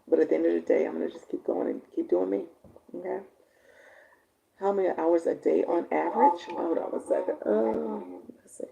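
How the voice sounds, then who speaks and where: A woman live-stream coach with a raspy voice, chatting casually with viewers and reading their comments. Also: on the low side, brisk, muffled recording, a little hiss or hum. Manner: chatty, warm-toned, laughs often, answers viewers by name.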